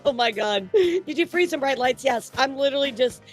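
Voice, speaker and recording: A young woman streaming live, excitedly thanking viewers, laughing often and swearing. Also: high-pitched, fairly quick, faint music behind.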